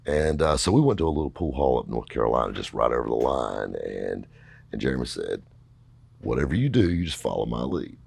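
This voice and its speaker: A man's voice: rumbling low, sing-song, a little fast, vocal fry, a little mellow, slightly rough, dry recording. A middle-aged man telling a long story casually, rambling and folksy, with lots of fillers. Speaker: podcast host telling a story.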